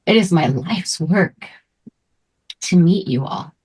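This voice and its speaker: Slow, low-voiced woman spiritual coach. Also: lively intonation. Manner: slow, effusive, emotional, drifts into soft breathy asides. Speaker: meditation and manifestation coach. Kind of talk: spiritual group talk.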